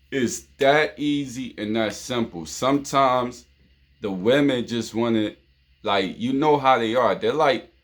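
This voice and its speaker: A New York man hosts his own show and offers relationship advice in a loose monologue, repeating phrases and saying "you know what I'm saying" again and again. His voice sits in the mid range.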